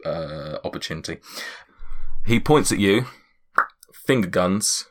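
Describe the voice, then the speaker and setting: A man's voice: sits low, expressive, takes it slowly. A man narrating as game master, casual and self-mocking, often laughing at himself.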